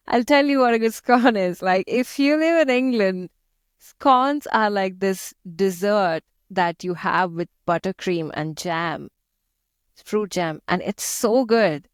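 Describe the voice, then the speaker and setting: A woman's voice: mid-range voice, slow, clean tone, no room sound, clean studio sound. A young woman from India with an Indian accent, chatting as an interview guest, laughing often and using many fillers. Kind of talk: casual interview chat.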